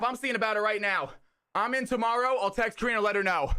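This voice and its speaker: A man's voice: sits high, quick pace, smooth. A man hosting a live stream, commentating games and talking directly to his chat with lots of hype. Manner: energetic, hyped, talks straight to chat. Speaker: streamer hosting community game nights.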